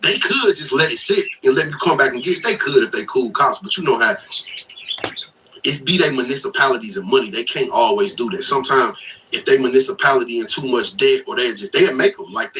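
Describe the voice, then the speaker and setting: A man in his thirties talks through a long story on a livestream, loose, slangy and full of swearing. His voice sits at an ordinary pitch but comes from some distance off the mic. Steady background noise runs under everything he says. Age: 30s. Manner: profane, rambling, slangy storytelling. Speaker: livestreamer and truck driver.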